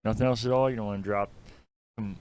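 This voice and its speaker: An easygoing man talks through what he has been reading on a podcast. His voice sits a little low for a man. He rambles loosely and fills the gaps with ums. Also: steady tone, fast talker, a little mellow, clean tone. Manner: easygoing, rambling, filler-heavy. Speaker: podcast co-host. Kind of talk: casual podcast chat.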